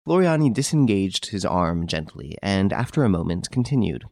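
A man narrating a classic novel as an audiobook in a measured, steady storytelling manner. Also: low voice, dry recording, studio quality.

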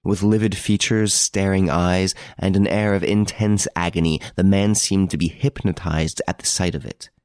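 A man reading a first-person story aloud as an audiobook narrator, measured and steady. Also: low-pitched, no echo, clean studio sound. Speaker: audiobook reader.

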